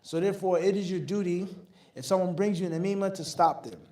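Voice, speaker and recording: A man's voice: high voice, fast talker, dark tone. A man, an Islamic scholar, answering audience questions in a firm, emphatic, explanatory lecture style. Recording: echoey room, mic at a distance.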